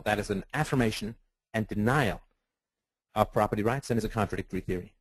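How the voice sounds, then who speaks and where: A man giving a webinar lecture on ethics, animated and rhetorical, acting out the voices of people he quotes. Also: on the low side, brisk, no echo, low-quality recording. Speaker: webinar speaker.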